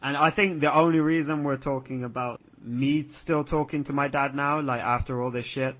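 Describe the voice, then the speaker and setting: A man's voice: mid-range voice, steady tone, moderate pace, fairly bright tone. Young guy telling a story, swears a lot, laughs a lot, kinda muffled lo-fi audio. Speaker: podcast co-host. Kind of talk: casual chat. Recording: dull lo-fi podcast audio.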